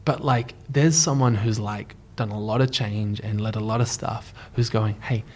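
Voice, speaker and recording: A young man, a podcast guest telling a story in an animated way, often stumbling and restarting. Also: fairly low pitch, normal speed, slight background noise. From Australia.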